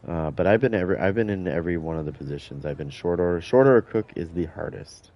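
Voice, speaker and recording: A fast-talking gaming streamer with a deep, animated voice swaps boastful stories while playing, cursing heavily and acting out others' words in casual chat. The recording is muffled.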